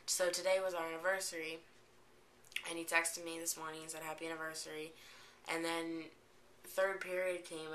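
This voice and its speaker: A woman's voice: lowish voice, pushed and bright, a little hiss or hum. A teenage girl vlogging at home, retelling an upsetting day in an emotional, rambling way, on a webcam mic. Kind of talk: casual vlog storytelling.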